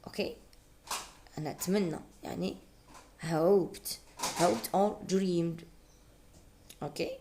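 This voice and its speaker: A woman's voice: lowish voice, brisk, pauses often, noisy background. A woman teacher with an Algerian accent, patiently going over test answers and repeating key words. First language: Algerian Arabic. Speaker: English teacher.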